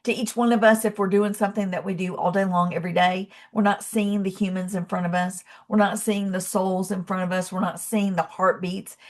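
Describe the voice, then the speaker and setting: A middle-aged woman speaks to her viewers in a heartfelt, conversational storytelling voice, loose and full of small fillers. Her pitch sits in an ordinary middle range. She turns earnest and inspirational as she addresses her audience with affection. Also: little pitch movement, fairly quick, hardly any pauses. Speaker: channel host.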